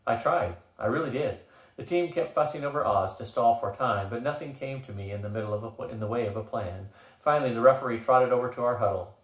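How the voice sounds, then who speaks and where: An older man reading a novel aloud in an unhurried way, sometimes restarting a phrase. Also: on the low side. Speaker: reader. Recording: roomy echo.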